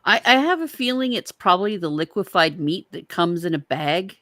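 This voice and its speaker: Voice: mid-range voice, expressive, normal speed, sharp tone, dry recording. A speaker in a casual group chat, trading dry jokes and playful exaggerations. The sound is close and dry. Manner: wry, playful banter.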